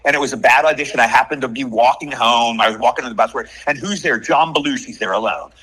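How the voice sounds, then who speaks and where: Fast, bright-voiced man telling stories. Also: mid-range voice, husky, poor audio. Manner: animated anecdotes, puts on voices in quotes. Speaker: actor guest. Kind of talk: casual interview storytelling.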